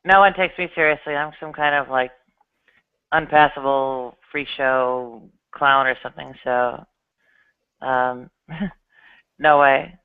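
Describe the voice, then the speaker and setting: Brief: tired man, slow halting delivery, smooth voice, tinny phone-like line. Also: medium pitch, steady tone. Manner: weary, halting. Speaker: participant in an online chat. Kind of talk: casual group chat. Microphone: video call.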